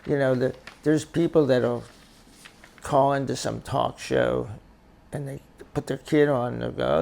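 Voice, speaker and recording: An older man and grandfather giving life advice in a casual, reflective monologue, talking haltingly and often repeating his words. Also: mid-range voice, steady tone, vocal fry, a little mellow.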